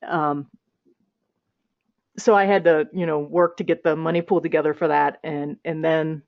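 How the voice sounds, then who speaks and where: A woman's voice: deep voice, steady tone, normal speed. A woman hosting an interview in casual chat, talking freely with frequent laughs and restarts over a video call. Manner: chatty, laughs often, many restarts and fillers. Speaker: host. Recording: slightly dull, muffled audio.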